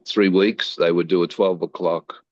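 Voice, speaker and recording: An older man with a very deep, low voice tells stories from his life as an interview guest. He slips into the voices of the people he quotes and keeps the anecdotes lively. The sound is dry and a little dull, with no room echo. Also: unhurried. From Australia. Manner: animated storyteller who acts out quoted lines.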